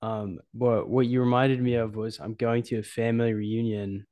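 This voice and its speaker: A man co-hosting a podcast in casual conversation, relaxed and reflective. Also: mid-range voice, normal speed. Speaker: podcast co-host. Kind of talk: casual chat.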